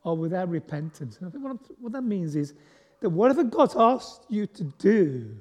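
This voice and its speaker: A guest preacher delivers a chatty sermon, quizzing the congregation and poking fun at himself. His voice is high-pitched, sing-song and darkish at a moderate pace, and a large hall's long echo trails each line.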